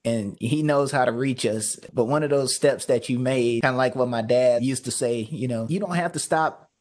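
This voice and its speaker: A male podcast host talking in a relaxed, conversational way. He affirms his guest and laughs easily, and his voice sits at a mid pitch. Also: moderate pace. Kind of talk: casual chat.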